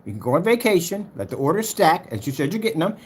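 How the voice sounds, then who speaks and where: A man's voice: a little high, sing-song, quick pace, a little hiss or hum. A man hosting a livestream, ranting in a heated, mocking way and talking straight to his chat. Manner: heated, mocking, repetitive, talks to chat directly. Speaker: livestream host.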